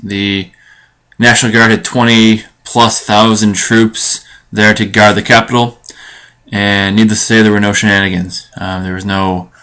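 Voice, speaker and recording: Male solo podcast host, low and fairly monotone, hesitant delivery packed with fillers and restarts. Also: smooth. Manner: halting, full of ums and restarts. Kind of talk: solo political commentary monologue.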